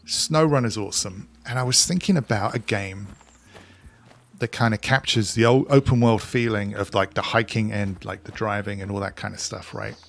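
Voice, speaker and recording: Gravelly streamer with English-Scottish accent. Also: male voice, on the low side, normal speed. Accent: mix of English and Scottish. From England. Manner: chatty, reads out and answers chat while playing. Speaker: game streamer. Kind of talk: casual live-stream chat with viewers.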